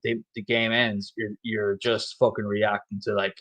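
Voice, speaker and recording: A man's voice: lowish voice, little pitch movement, measured pace, a bit bright, poor audio. A drunk man with an Irish accent, rambling and swearing through a casual football chat. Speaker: guest on a football stream.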